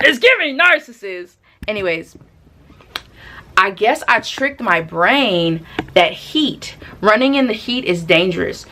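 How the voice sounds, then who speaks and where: A woman telling a personal story to the camera in a casual, slangy, animated way, acting out what people said. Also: on the low side, vocal fry, a little hiss or hum. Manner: animated, slangy, acts out quotes. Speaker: storytime vlogger.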